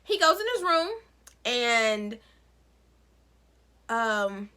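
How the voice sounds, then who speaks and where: A woman recapping a TV episode with sassy, animated commentary. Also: on the high side, very slow, clear, resonant tone. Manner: sassy, expressive storytelling with playful asides. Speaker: recap vlogger.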